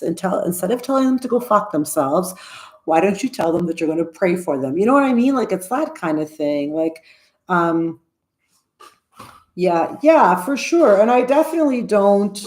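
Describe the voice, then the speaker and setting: A woman's voice: medium pitch, darkish tone. A woman in her sixties vlogging to camera in a casual, earnest way, often restarting and circling back mid-sentence. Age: 60s. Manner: rambling, self-interrupting, earnest. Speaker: YouTuber. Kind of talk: casual vlog talk to camera.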